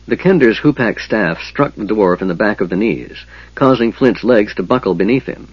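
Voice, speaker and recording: Low husky male audiobook narrator. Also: no echo, lo-fi sound. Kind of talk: scripted fantasy narration.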